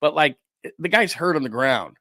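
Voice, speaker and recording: Animated male sports talk host, dry sound. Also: on the high side, normal speed, no echo. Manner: animated, indignant ranting with laughs. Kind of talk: casual talk show commentary. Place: studio.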